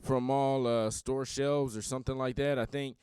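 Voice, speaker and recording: A man's voice: medium pitch, fairly even intonation, moderate pace, darkish tone, smooth, no room sound, studio quality. A man hosting a podcast, talking bluntly in a rambling, opinionated casual monologue. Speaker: podcast host.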